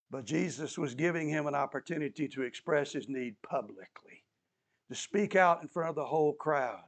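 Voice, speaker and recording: A man's voice: a little high, normal speed. Emphatic storytelling male preacher. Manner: emphatic storyteller who repeats key phrases, with touches of humor. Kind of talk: sermon.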